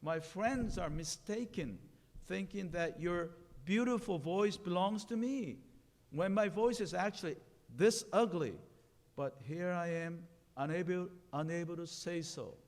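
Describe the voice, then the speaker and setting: A shy little bluebird, ashamed and close to tears, plaintive as he speaks, as a man puts him on. The voice sits high and the delivery is slow. A long reverb trails behind it, as if in a large hall. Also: animated. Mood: tearful. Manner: plaintive, tearful.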